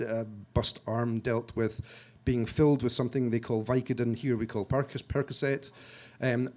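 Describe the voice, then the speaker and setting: A man from Scotland telling a story to an audience, self-mocking and halting, with frequent restarts, acting out what other people said. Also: medium pitch. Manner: halting restarts and repeated words. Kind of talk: storytelling talk.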